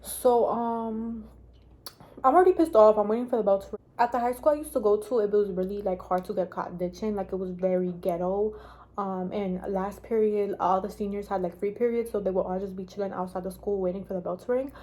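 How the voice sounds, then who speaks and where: A woman's voice: medium pitch, steady tone, a little fast, mellow. A young woman telling a casual storytime vlog, rambling and swearing, with lots of "like". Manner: rambling, profane, heavy use of "like". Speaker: vlogger.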